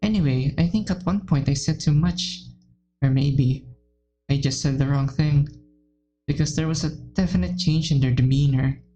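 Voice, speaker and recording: A woman reading aloud as a timid, anxious, self-blaming teenage girl in a visual novel game, in a low, mellow voice. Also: moderate pace, a little hiss or hum, natural voice, rough recording. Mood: recounting.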